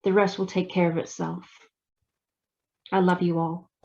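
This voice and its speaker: Father God, slow and gentle, channeled by a woman. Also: lowish voice, level tone, gravelly, dull audio. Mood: tender, reassuring. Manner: slow, halting, gentle blessing. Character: Father God, loving divine father spirit. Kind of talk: trance channeling.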